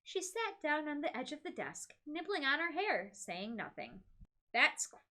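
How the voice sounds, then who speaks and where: A woman's voice: high-pitched, very animated, moderate pace, bright, forceful tone. A young woman reading a novel aloud on a comedy podcast, breaking off for amused, chatty asides. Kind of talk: comedic read-aloud with commentary.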